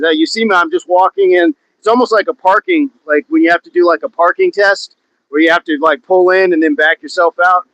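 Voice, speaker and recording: A man's voice: a little high, fairly bright tone, dry recording, lo-fi sound. Upbeat man hosting a workout livestream. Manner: upbeat, reads viewer comments aloud and jokes about accents. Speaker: livestream fitness host. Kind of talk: casual livestream chat while exercising. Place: outdoors in wind.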